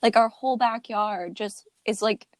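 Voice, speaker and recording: A woman's voice: on the high side, normal speed, dry recording. A young woman co-hosting a podcast, easygoing and self-deprecating, telling stories in casual chat. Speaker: podcast co-host.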